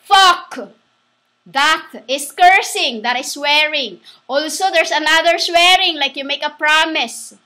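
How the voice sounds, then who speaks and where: A woman giving a rambling religious monologue, halting and restarting, spelling words out letter by letter. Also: sits high, sharp tone. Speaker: self-styled preacher.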